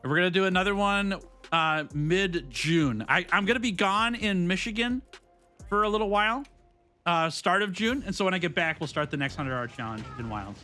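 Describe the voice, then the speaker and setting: A bright, high-pitched man in his thirties chats easily with his live-stream viewers, upbeat and laughing often. Faint game music plays behind him. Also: animated. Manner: chatty, upbeat, quick to laugh, talks straight to chat. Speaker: gaming streamer.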